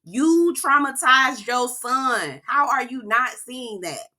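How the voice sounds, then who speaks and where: A woman's voice: high-pitched, lively intonation, slow pace, sharp tone. A woman hosting a reality TV recap in casual commentary, sassy and profane, laughing often and keeping up a stream of "girl" and "child".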